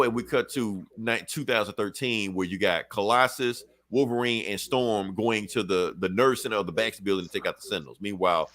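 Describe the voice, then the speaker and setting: A man co-hosting a podcast, casually recapping a comic with profanity, laughing and acting out characters' lines. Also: on the low side. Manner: animated retelling, acts out characters' lines, profane, laughs often. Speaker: podcast co-host.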